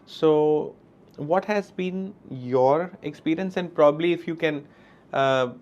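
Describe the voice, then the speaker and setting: Measured man hosting, muffled. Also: on the high side, a little mellow. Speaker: podcast host. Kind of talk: interview questions. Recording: dull lo-fi podcast audio.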